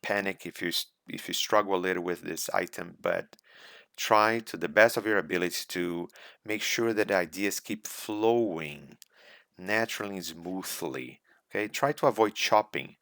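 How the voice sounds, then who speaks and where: Deep, gravelly man coaching exam students. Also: fairly bright tone, no room sound, studio quality. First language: not English. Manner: deliberate, coaching, repeats key points. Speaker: English exam teacher. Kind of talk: recorded slideshow lecture.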